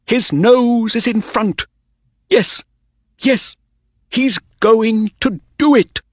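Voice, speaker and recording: A man voicing an excitable middle-aged racehorse owner in an audiobook, with loud, eager exclamations. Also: fairly high pitch, slow pace, no room sound, clean studio sound, voice pushed up, exaggerated voice. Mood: thrilled. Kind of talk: audiobook character reading.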